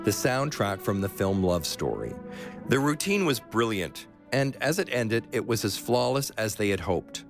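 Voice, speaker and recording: A man hosting and narrating a radio sports documentary, telling the story in a measured, expressive way and asking interview questions. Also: fairly low pitch, creaky, over music. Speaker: host and narrator.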